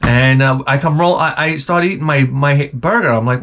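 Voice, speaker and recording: A man's voice: mid-range voice, fairly quick, few pauses. A middle-aged man, hosting a rambling, profane comedic monologue. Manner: rambling, profane, animated ranting. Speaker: host.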